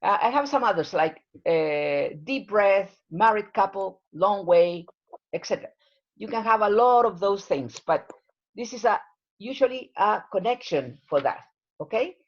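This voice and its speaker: A woman's voice: medium pitch, lively intonation, measured pace, lo-fi sound. A woman teaching an English class over a video call, explaining patiently with plenty of fillers.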